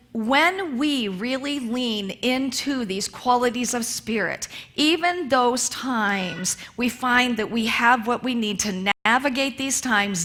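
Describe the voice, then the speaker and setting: Woman minister, sermon delivery, fairly high and bright tone, conversational with repeated phrases. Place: church sanctuary.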